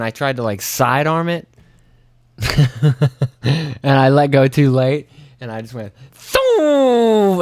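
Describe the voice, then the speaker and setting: A young man rambles through a story on his own podcast, swearing freely and mimicking his own flustered reactions with sudden high-pitched bursts. His voice sits in an ordinary middle pitch. The sound is dry and close, with no room around it. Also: dry recording. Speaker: podcast host. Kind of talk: casual solo storytelling.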